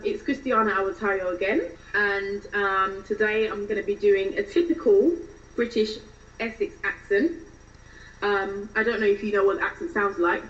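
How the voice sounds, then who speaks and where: A woman's voice: mid-range voice, a bit bright. A woman actress introducing her comedy accent videos in a casual, hesitant way, with lots of ums. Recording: dull lo-fi, distant from the mic.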